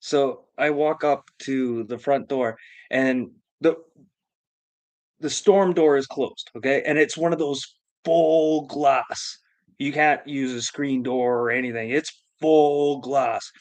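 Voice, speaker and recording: A man's voice: medium pitch, steady tone, slow. A man hosting a live stream who tells a long comedic story in a rambling, profane, emphatic way.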